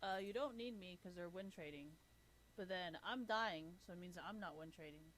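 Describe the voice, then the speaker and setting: A woman's voice: fairly low pitch, moderate pace, fairly bright tone, a little hiss or hum, poor audio. A young woman streaming a game, talking casually in a blunt, heavily profane, complaining way. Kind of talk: casual live-stream chat while gaming.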